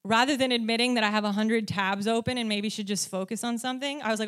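A woman's voice: a little high, steady tone, fast talker, fairly bright tone, clean tone. A woman giving a casual faith teaching, talking conversationally with many "like" and "um" fillers and frequent checks of "right?" and "okay?". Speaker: Christian speaker teaching on faith.

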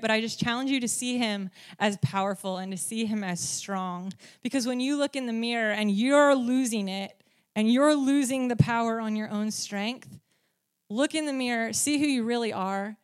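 A woman's voice: on the high side, clear, resonant tone. A woman giving a casual faith teaching, talking conversationally with many "like" and "um" fillers and frequent checks of "right?" and "okay?". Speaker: Christian speaker teaching on faith.

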